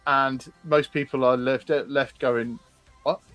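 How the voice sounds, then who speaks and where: A man's voice: medium pitch, measured pace, dry recording, muffled recording, soft background music. A man co-hosting a livestream, casually explaining characters with frequent ums and restarts. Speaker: co-host presenting concept art.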